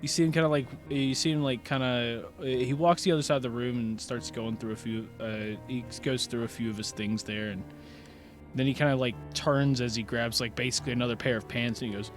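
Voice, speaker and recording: A man narrating as game master in animated, rambling storytelling, laughing often. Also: mid-range voice, a little fast, faint music behind.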